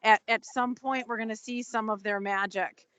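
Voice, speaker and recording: Female staffer, eager and apologetic, bright and sharp tone, dry mic. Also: a little high, fairly even intonation, moderate pace, dry recording. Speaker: puppy program staff member. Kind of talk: casual webinar chat.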